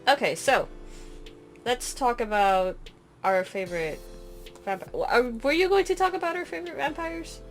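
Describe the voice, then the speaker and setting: Animated high-voiced woman podcaster. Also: moderate pace, long pauses, faint music behind. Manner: animated, laughing, self-interrupting. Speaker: podcast co-host. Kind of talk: casual chat.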